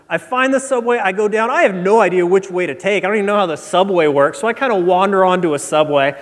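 High-voiced storytelling preacher man. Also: brisk. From Nebraska. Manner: animated, self-mocking storyteller. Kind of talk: storytelling sermon. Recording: long hall reverb.

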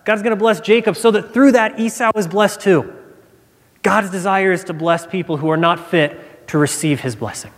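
A man's voice: sits high, normal speed. A man preaching a sermon as pastor, earnest and emphatic, repeating his key points, recorded in a church sanctuary with long reverb.

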